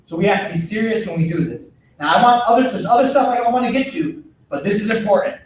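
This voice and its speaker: A man's voice: high voice, fast, slight background noise. A man teaching a martial arts self-defense class to kids, giving firm, repetitive instructions. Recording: echoey gym from far off.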